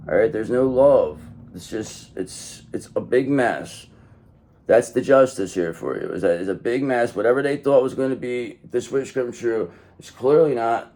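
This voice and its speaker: A man reading tarot cards in a casual monologue, animated, talking straight to the viewer and swearing now and then. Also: on the low side. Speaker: tarot reader.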